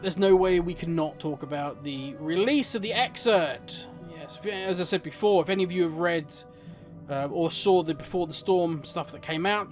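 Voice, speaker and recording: Opinionated man ranting about game lore. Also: on the high side. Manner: exasperated, opinionated, animated. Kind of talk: casual commentary.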